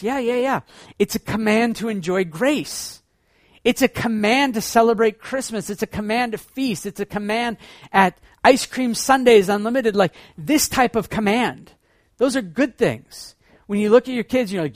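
A man preaching a sermon as pastor, swinging between loud excited bursts and hushed low passages. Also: normal speed, no echo, studio quality.

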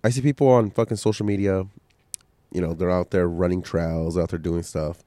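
A man's voice: low-pitched, fairly even intonation, moderate pace, dark tone, no echo, studio quality. A man with a stuffy, coughing cold, hosting a casual solo podcast and giving blunt, profane motivational talk. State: sick, coughing, stuffy nose. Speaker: podcast host.

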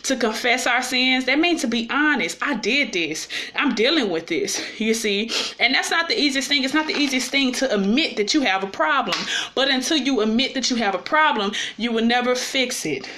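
A woman's voice: a little high, lively intonation, moderate pace, hardly any pauses, sharp tone, slight background noise. A woman giving an informal, personal sermon, often checking in with her listeners as she speaks. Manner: personal and confessional. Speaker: preacher.

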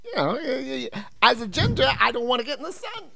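A man putting on a gruff impression of a ginger comedian, laughing through a podcast bit. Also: very high voice, big pitch swings, fast, a crowd in the background, heavily acted.

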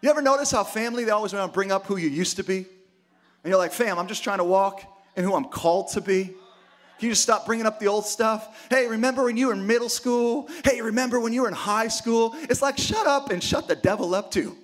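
A man preaching a sermon with lots of energy, dropping to quiet asides and then rising to shouted exclamations. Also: high voice, a little fast. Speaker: pastor.

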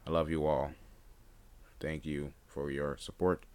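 A young man talks off the cuff on his own podcast, wandering from thought to thought with frequent ums and restarts. His voice sits very low and still has a groggy, just-woke-up roughness to it. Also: little pitch movement, unhurried, darkish tone. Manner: rambling, hesitant, many fillers and restarts. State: groggy morning voice. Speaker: podcast host. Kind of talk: unscripted solo podcast talk.

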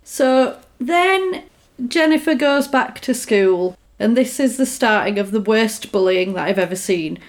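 A woman's voice: fairly high pitch, a little slow. Chatty woman retelling a film. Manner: lively storyteller, acts out characters, swears casually. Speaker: co-host. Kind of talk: casual film recap chat.

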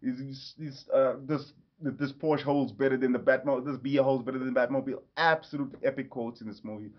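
A man's voice: medium pitch, steady tone, fast talker. Rambling, enthusiastic man reviewing a movie. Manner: enthusiastic, rambling, self-correcting. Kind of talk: casual vlog review. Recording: slightly dull lo-fi audio.

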